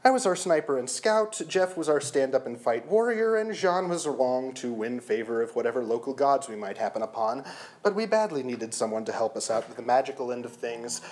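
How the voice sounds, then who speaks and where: Wry, deadpan first-person fantasy narrator; lively pitch. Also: brisk.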